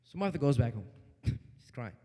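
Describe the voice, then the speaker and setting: A man preaching a sermon in a church, animated, dropping to a hush and then rising loud. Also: medium pitch, moderate pace, long reverb tail, a little hiss or hum. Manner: animated preaching, swinging between hushed and loud.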